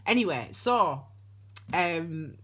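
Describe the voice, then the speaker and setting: Young woman doing a tarot reading to camera, chatty and rambly, kinda low pitched. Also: expressive, slow. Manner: chatty, rambling, self-interrupting with frequent restarts. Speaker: tarot reader. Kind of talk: casual spoken tarot reading. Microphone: solo to camera.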